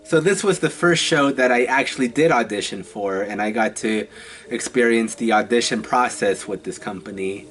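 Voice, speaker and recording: A man's voice: medium pitch, fairly bright tone. Chatty young man telling theatre stories. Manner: chatty and halting, often laughing between phrases. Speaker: vlogger. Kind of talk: casual storytime vlog.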